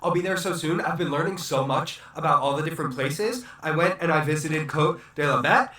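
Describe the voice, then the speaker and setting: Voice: mid-range voice, fairly quick, fairly bright tone, recorded from a distance, lightly acted. An eager, devoted sheep-genie chatters away about everything it has learned, as a player voices it. It is recorded in an echoey room, away from the mic.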